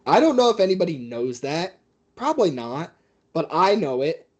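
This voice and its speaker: A man who works as a fight commentator, telling stories as a guest in a casual interview with a mid-pitched voice. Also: moderate pace, lo-fi sound. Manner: animated storyteller.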